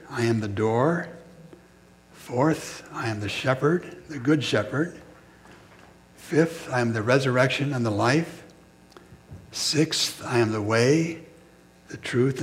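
A man at a medium pitch preaches a sermon, measured and reflective, pausing between short phrases.

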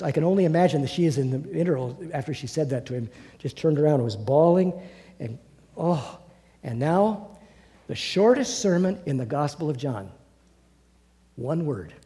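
A man preaching a sermon, earnest and halting, often breaking off and restarting his sentences. His voice is mellow and dark, and it rings with the long reverb of a large hall. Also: on the high side, lively intonation. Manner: earnest, halting, many restarts, drops to soft asides.

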